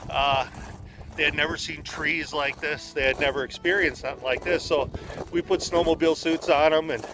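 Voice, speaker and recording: Rambling male storyteller, a little high-pitched, casual and unhurried. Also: steady tone, noisy background. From Wisconsin. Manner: rambling, repeats words as he restarts. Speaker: homesteader and former sled dog guide.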